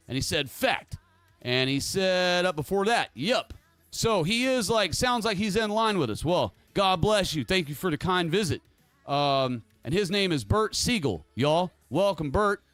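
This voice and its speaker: A man's voice: on the high side, fairly bright tone, no echo. Male streamer host, casual rambling monologue with faint music under a dry voice. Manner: rambling, drawn-out and emphatic. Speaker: livestream host. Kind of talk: casual livestream monologue reading chat.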